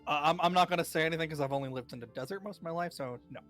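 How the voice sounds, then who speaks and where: A man's voice: on the high side, rapid-fire, a bit bright, soft background music. A man playing in a tabletop game, talking in a hesitant, chatty way. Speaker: player. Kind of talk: casual tabletop play.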